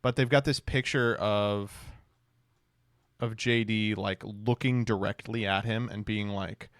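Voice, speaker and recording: A man's voice: fairly low pitch, a little slow, no echo. Sarcastic streamer man, dry sound. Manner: sarcastic, deadpan mock praise. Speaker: streamer reacting to clips. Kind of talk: casual commentary stream.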